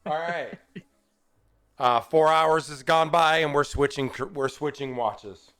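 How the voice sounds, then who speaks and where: Male game master, casual jokey narration, bright forward voice. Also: on the high side, measured pace. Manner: casual, joking.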